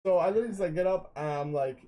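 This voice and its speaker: A man's voice: high-pitched, very fast, dark tone, low-quality recording. A young man telling rambling stories on a casual late-night podcast, swearing often. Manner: rambling storyteller, swears a lot. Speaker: guest.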